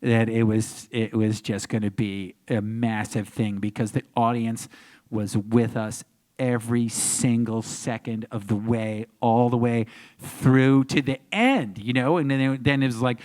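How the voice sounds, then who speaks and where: A man guesting on a convention panel, telling a story with lively acted-out crowd voices. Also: normal speed. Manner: acts out crowds and voices, big pitch jumps. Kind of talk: animated storytelling.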